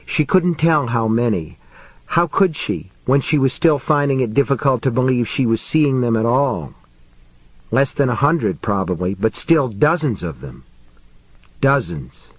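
Slow, dry-voiced male audiobook narrator. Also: medium pitch, no room sound, rough recording. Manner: measured, tense storytelling.

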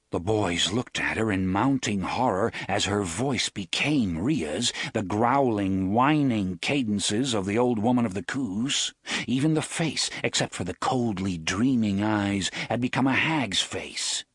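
A man narrating an audiobook in measured, expressive storytelling. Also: sits low, slightly rough, no room sound, clean studio sound.

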